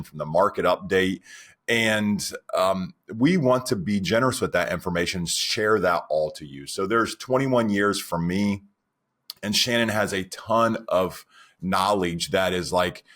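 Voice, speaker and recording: Man, 40s, podcast co-host; low-pitched, animated storyteller who drifts into rants. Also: a little slow. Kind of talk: casual podcast chat.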